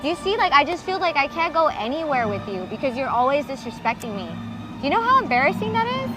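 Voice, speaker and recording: Skit: young woman as jealous girlfriend, high, insistent, accusing, loud music behind. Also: sing-song, quick pace. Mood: upset. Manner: accusing, insistent, stammers when upset. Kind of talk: comedic relationship skit. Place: outdoors at a theme park. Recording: loud music under the voices.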